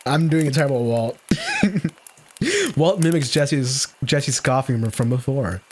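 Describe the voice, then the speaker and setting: A man's voice: mid-range voice, sing-song, slow, slight background noise. A man streaming a comedic story reading, giggling and breaking into laughter often.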